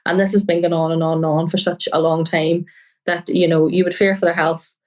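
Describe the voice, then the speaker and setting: A woman's voice: lowish voice, level tone, brisk, poor audio. A woman journalist, a guest on a crime podcast, talking earnestly and often quoting people she met. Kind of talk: podcast interview.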